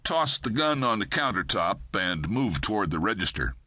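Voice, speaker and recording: A man narrating a crime thriller audiobook in a steady, measured way. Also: lowish voice, dry recording, clean studio sound.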